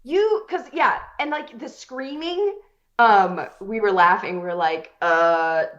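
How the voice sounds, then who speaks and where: A woman's voice: on the high side, measured pace, muffled recording. A woman co-hosting a podcast in a playful, teasing chat. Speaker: podcast co-host.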